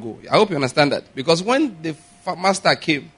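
A male pastor giving a sermon, asking the congregation questions, having them repeat after him, and rising to loud, emphatic preaching. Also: fairly high pitch, lively intonation, a little fast, husky.

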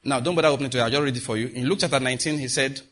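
A man's voice: mid-range voice, rapid-fire, fairly bright tone. A man preaching a sermon, reading scripture and leading the congregation in repeated declarations with emphatic delivery.

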